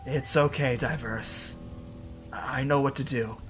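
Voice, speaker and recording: A man voicing a tender, devoted partner who speaks softly and soothingly in a dramatic story reading. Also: mid-range voice, steady tone, slow pace, faint music behind. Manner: soft, soothing, hushed.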